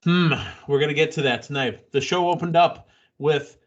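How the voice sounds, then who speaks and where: A man's voice: fairly high pitch, moderate pace, lo-fi sound. A man hosting a casual wrestling podcast, blunt and opinionated, rambling through his takes. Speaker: podcast host.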